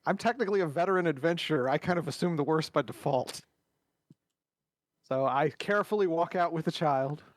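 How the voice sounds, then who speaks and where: Young male player, slightly high pitch, dry, blunt jokey delivery. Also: no room sound. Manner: joking, blunt, quick asides. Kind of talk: casual tabletop play.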